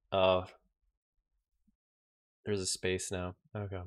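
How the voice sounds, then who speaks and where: Low-voiced man reading a game story. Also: moderate pace, fairly bright tone. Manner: narrates with casual asides. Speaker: game streamer.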